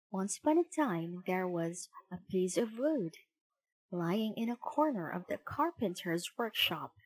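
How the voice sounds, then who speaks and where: Woman, storybook narration, clear measured reading, very slow, dry close sound. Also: mid-range voice, darkish tone, no echo, low-quality recording.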